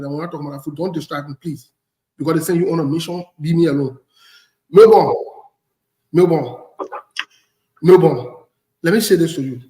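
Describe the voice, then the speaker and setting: Blunt Liberian man, high voice, roomy sound. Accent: Liberian English. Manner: blunt, preachy, repeats phrases for emphasis. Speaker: host. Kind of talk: casual talk show commentary.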